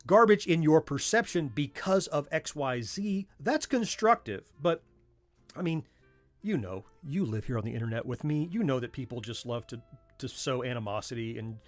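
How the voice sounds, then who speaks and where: Soft music plays in the background as this Southern-accented, middle-aged livestream host chats from home. Speaking in an expressive, mid-range voice at a moderate pace, he keeps drifting into tangents.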